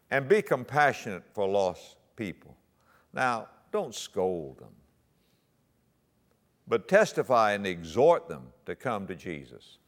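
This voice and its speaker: Male pastor, low voice with wide swings, earnest exhortation, big reverberant church sound. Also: very animated, slow. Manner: earnest, exhorting, rises to emphatic peaks. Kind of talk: teaching sermon. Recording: long hall reverb.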